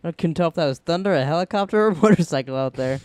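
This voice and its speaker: A young man co-hosting a podcast at home, telling a story in an animated way, laughing and swearing freely. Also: a little high, racing, no echo. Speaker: podcast co-host. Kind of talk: casual chat, storytelling.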